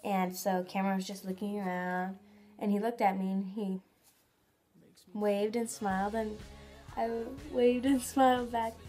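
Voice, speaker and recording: Teen girl vlogging, all gushy and excited, says like a ton, mid pitch, faint music under it. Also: a little slow. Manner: giddy, gushing, lots of "like" fillers. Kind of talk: casual storytelling vlog.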